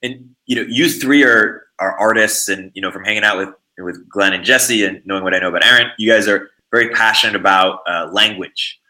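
Very bright, low-voiced male interviewer. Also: fairly quick, hardly any pauses, low-quality recording. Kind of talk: interview question.

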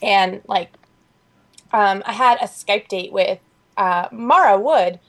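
A young woman co-hosting a podcast. She tells a story in an animated, chatty way and fills it with "like.". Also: mid-range voice, takes it slowly. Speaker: podcast co-host. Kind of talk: casual chat.

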